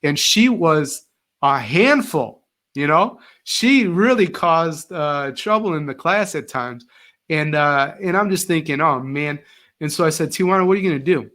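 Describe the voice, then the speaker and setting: Animated storytelling man, slightly high voice. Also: measured pace. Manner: animated, acts out quoted voices. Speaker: guest, former teacher. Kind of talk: casual interview storytelling.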